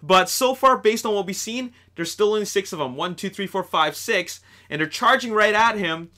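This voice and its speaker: Bright, excitable man hosting a video review. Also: high voice, normal speed. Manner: excitable, rambling, many fillers and restarts. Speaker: host of a movie news channel. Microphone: desktop USB microphone.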